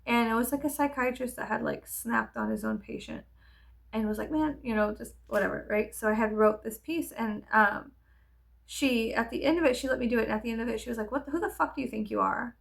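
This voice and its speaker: A woman chatting through a casual get-ready-with-me vlog, her voice sitting a little high and full of gravelly vocal fry. She rambles candidly from one memory to the next and drops swear words freely. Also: a little fast. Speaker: vlogger.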